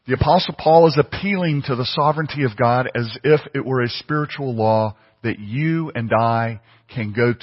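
A man's voice: mid-range voice, husky. Man preaching in an echoing hall. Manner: emphatic, repeats phrases for stress. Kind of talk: sermon. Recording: muffled audio with long hall reverb.

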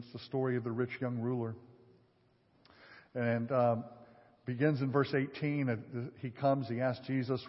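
Man, pastor preaching, reads scripture then explains it, conversational, long hall reverb, muffled sound. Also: medium pitch. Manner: conversational preaching with fillers, reading scripture aloud. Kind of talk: sermon.

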